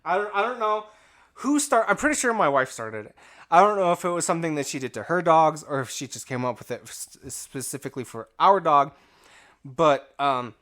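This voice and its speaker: A man's voice: on the high side, lively intonation, brisk, fairly bright tone. A man co-hosting a casual podcast chat, talking close to the mic in a rambling, hesitant way with many restarts. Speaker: podcast co-host.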